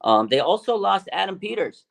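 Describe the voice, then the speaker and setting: A man hosting a casual sports podcast, talking in an animated, slangy way with many fillers and restarts. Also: sits high, moderate pace, creaky. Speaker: podcast host.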